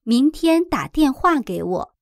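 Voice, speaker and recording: A woman with a somewhat high voice reads short lesson prompts in a brief, neutral way. Her delivery stays even and matter-of-fact. The recording is dry and close to the mic. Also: unhurried, gravelly, dry recording. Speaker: prompt reader for translation drills.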